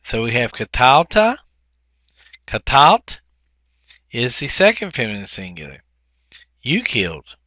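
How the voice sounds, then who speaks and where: Bright-voiced man teaching a lesson. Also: mid-range voice, huge pitch swings, no echo. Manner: explanatory, with frequent ums and restarts; slows to sound out words. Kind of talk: recorded grammar lesson over slides.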